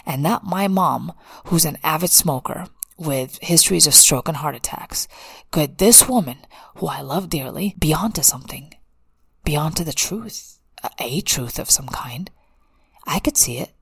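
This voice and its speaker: A woman's voice: sits low, animated, normal speed, creaky, breathy edge, dry recording, studio quality. A woman therapist talking candidly in a rambling, casual monologue with frequent restarts.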